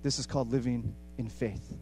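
A man preaching a sermon with passion, repeating phrases for emphasis and swinging between hushed and loud. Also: medium pitch, steady tone, moderate pace, faint music behind.

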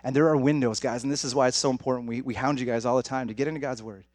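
Young pastor, male, chatty and direct with the congregation, talks fast, dry close mic. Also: medium pitch, fairly even intonation, a little mellow, no echo. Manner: conversational, direct, addresses audience as guys. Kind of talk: sermon.

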